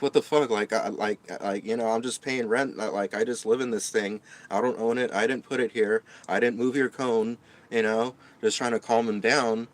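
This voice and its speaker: A man venting in a rambling storytime vlog, stammering and swearing, upset and shaken. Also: on the low side. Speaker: vlogger.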